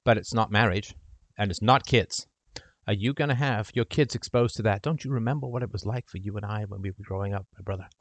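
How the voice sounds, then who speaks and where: A man hosting a call-in show, giving impassioned advice and speaking to the caller's brother in role-play, swinging from loud to hushed. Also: fairly low pitch, brisk, dry recording.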